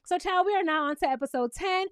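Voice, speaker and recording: A woman's voice: very high-pitched, quick pace, no echo. A woman recapping a reality show in casual, sassy commentary, talking straight to her viewers.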